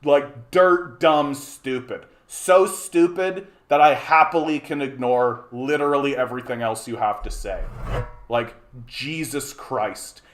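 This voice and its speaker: A man ranting at his live chat from a home streaming setup, heated and mocking, with a steady swear-laden delivery. His pitch sits in an ordinary middle range, and he keeps tripping over and repeating his words as the anger builds. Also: slow. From Canada. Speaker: livestream host. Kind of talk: angry rant to a live chat.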